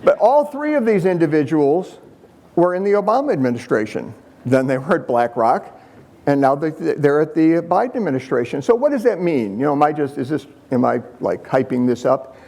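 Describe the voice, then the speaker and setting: Animated sarcastic man at a podium. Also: on the high side, moderate pace. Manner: sarcastic, animated, punchy asides to the audience. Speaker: conference speaker. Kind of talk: conference presentation with slides.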